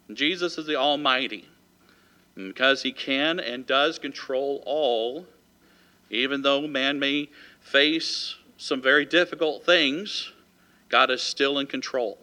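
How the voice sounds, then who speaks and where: A man pastor tells a story from the pulpit, folksy and loose, with lots of fillers. His voice is very bright and forward, sitting at an ordinary middle pitch for a man. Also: takes it slowly. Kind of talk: sermon with personal story.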